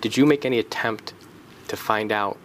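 A man with a fairly low voice speaks deliberately and makes pointed arguments. He lets his questions land with weight. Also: slight background noise. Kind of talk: interview and questioning.

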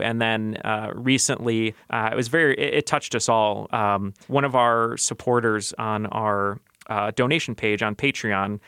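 A man's voice: fairly low pitch, fairly even intonation, moderate pace, creaky, few pauses, pushed and bright, clear, resonant tone, no echo. A man, a podcast host, answering interview questions in a radio studio, earnest and thoughtful with many fillers and restarts.

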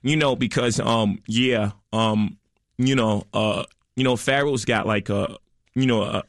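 A comedian doing an impression of a self-assured middle-aged rapper, drawling and full of fillers. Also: male voice, on the low side, steady tone, measured pace, no room sound, studio quality. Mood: laid-back. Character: laid-back famous rapper, man in his 50s.

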